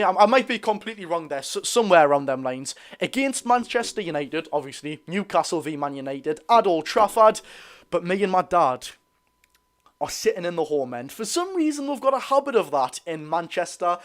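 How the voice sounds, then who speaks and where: A young man with a Geordie accent hosting a casual live football watch-along, reading out viewer comments and chatting to his audience. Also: a little high. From North East England. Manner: chatty, reads viewer comments aloud, calls chat lads and lasses. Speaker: football fan livestream host.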